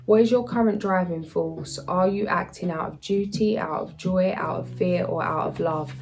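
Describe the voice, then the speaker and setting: A woman's voice: lowish voice, moderate pace, creaky, darkish tone, soft background music, low-quality recording. A woman doing a casual spiritual card reading, reading card messages aloud and then chatting loosely with fillers. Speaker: tarot and oracle card reader.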